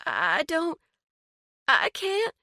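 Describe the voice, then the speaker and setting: Woman doing a high, shaky, timid woman. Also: expressive, a little slow, pushed and bright, no echo, studio quality, heavily acted. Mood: tearful. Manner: meek, shaky, stammering. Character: timid plump woman near tears.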